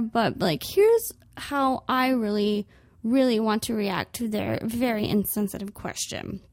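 A young woman hosting a podcast, delivering a sarcastic, animated comedic monologue. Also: a little high, moderate pace, no echo, clean studio sound. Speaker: podcast host. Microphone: podcast microphone.

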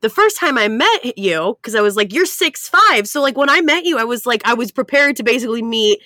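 A woman's voice: on the high side, a little fast, no echo, clean studio sound. A young woman co-hosting a casual chat podcast, telling stories animatedly and acting out quoted lines with frequent laughter. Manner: animated storytelling, acts out quotes, laughs often. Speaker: podcast co-host.

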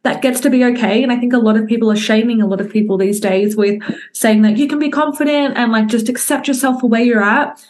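A woman's voice: fairly high pitch, fast talker, darkish tone. A young woman, a fitness coach talking candidly to her group on a video call, swearing casually and speaking straight to her listeners.

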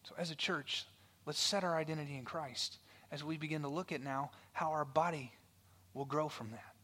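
Male pastor, higher voice, conversational sermon storyteller, loud-to-hushed dynamics. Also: moderate pace. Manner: conversational, with frequent "right?" asides; swings from loud storytelling to hushed near-whisper.

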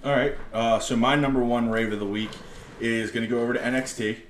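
A man co-hosting a casual podcast, recapping a segment with animated, excitable storytelling. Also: mid-range voice, brisk, a little hiss or hum. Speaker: podcast co-host. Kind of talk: casual wrestling podcast chat. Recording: echoey room, distant mic.

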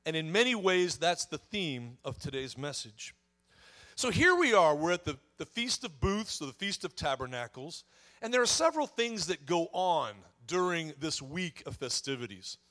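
A male pastor delivers his sermon in a fairly high voice. He is animated and expressive, building to loud emphatic peaks and then falling to hushed, low phrase endings. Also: moderate pace. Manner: expressive preaching, swelling and dropping for emphasis.

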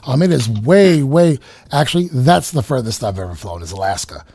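A man's voice: mid-range voice, expressive, normal speed, crowd noise. An American man hosting a casual chat, affirming often and sharing his own travels. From United States. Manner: warm, affirming, many yeses. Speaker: host.

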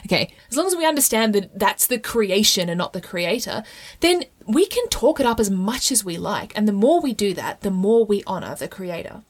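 A woman's voice: medium pitch, big pitch swings, normal speed. A woman explaining Catholic teaching in a casual, chatty monologue, full of "like" and frequent "okay?" and "right?" check-ins. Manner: fillers of "like" throughout.

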